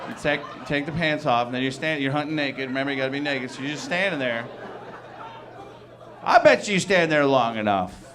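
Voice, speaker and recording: A man's voice: medium pitch, fairly quick, crowd noise, background noise. A man from Wisconsin doing a stand-up comedy set on a club stage, rambling and chuckling at his own jokes as he slips into mock voices.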